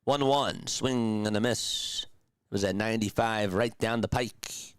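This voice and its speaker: A man's voice: fairly low pitch, measured pace, smooth, no room sound. A young man calling a game radio-style from a stream, chatting with his viewers and mixing calls with sarcastic opinion. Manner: chatty, talks to chat, sarcastic asides; animated, jumps between calls and opinions. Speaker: play-by-play host. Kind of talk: radio-style play-by-play commentary.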